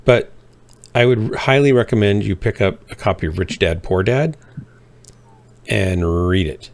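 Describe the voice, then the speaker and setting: A man's voice: fairly low pitch, measured pace. A man chatting casually with friends while streaming a mech game, giving earnest advice and often correcting himself. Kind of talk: casual chat over voice call while gaming.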